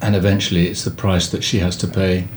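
Man, theatre director, low voice, hesitant, lots of ums. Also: level tone, a little hiss or hum. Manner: halting, many fillers and restarts. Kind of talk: casual interview.

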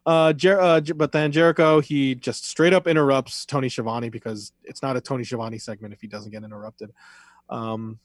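A man's voice: mid-range voice, fairly even intonation, a little fast, no room sound. A man talks loosely on a podcast, rambling through the topic with plenty of fillers and the odd swear word. His voice sits in a middle register and is recorded close and dry, with no room sound around it. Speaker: podcast co-host recapping wrestling. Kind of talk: casual chat.

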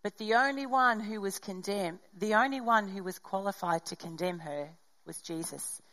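A woman's voice: medium pitch, moderate pace, poor audio. A middle-aged woman preaching a sermon, telling a personal story and acting out the dialogue. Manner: animated storytelling, acts out dialogue.

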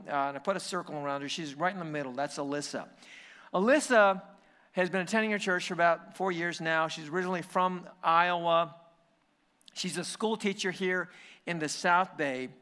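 A man's voice: a little high, sharp tone. A male pastor praying and then opening his sermon in a conversational way, with frequent restarts.

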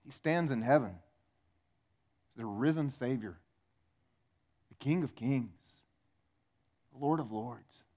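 A man preaching a sermon, animated and emphatic, asking rhetorical questions of his congregation. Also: medium pitch, takes it slowly, long pauses. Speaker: pastor.

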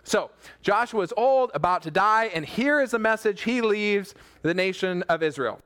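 A pastor with a high voice gives a relaxed sermon to people watching online. He keeps it chatty, with jokes and self-deprecating asides. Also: moderate pace. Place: church room with a small team.

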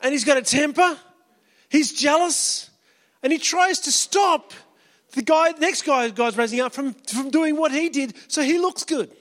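A man preaches a sermon in a relaxed storytelling style. His voice sits unusually high for a man. A long reverb from a big hall trails every phrase. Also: measured pace. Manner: casual, storytelling, acts out quotes. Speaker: pastor.

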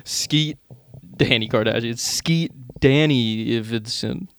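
A man's voice: medium pitch, takes it slowly, creaky. A man co-hosting a podcast in casual, profane banter, laughing often. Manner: giggly, laughs often between lines. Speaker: podcast co-host.

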